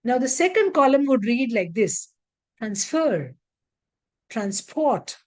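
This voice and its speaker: A woman teaching English word stress in an online lecture, reading word lists aloud slowly and deliberately. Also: high-pitched, big pitch swings, a little mellow. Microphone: video call.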